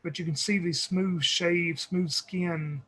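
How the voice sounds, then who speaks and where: Man, tabletop player, slow, husky, higher voice. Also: fairly even intonation, pushed and bright, poor audio. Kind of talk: describing his character in a tabletop game.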